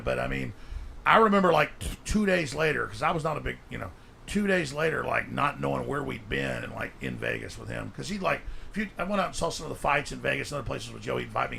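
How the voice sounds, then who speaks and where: A man's voice: medium pitch, gravelly, bright, forceful tone, slight background noise. A man, a guest in a casual chat, telling boisterous stories and cutting in. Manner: boisterous, interjecting storyteller.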